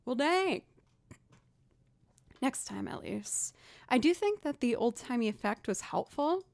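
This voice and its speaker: A woman's voice: sits high, very animated, measured pace, vocal fry, darkish tone, dry recording. A young woman chatting casually with her live-stream audience, rambling with fillers and restarts. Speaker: streamer and musician.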